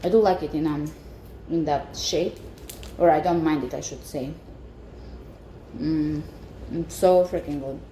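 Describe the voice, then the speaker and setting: A home baker chats enthusiastically in a casual cooking vlog, tasting her own baking as she goes. Her voice is low-pitched, warm, and a little slow, recorded in an echoey room with faint background noise.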